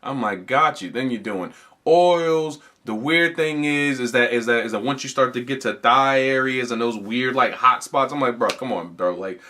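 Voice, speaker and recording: A man with a bright, forceful voice at a middle pitch hosts a comedy podcast. He rambles through a casual, profane story, restarting sentences and piling on fillers. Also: moderate pace. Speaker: podcast host.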